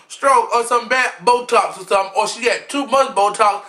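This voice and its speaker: A man's voice: high-pitched, fast talker, hardly any pauses, pushed and bright. A man giving a sassy, flamboyant, blunt gossip commentary as a vlogger, recording himself at home. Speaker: vlogger recapping a reality show. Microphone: camera mic, self-recorded.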